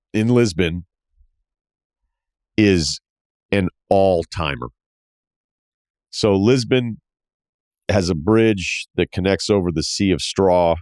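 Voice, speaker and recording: Podcast host, very deep voice, loose and profane storyteller who acts out dialogue, recorded dry. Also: male voice, dry recording. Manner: profane, self-mocking, acts out quoted dialogue. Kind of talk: casual travel storytelling monologue.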